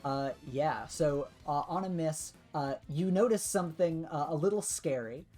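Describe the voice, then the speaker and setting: A woman narrates a tabletop game as the game master. Her low voice rambles casually with many fillers. Faint music plays underneath. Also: moderate pace. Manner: filler-heavy, relaxed narration.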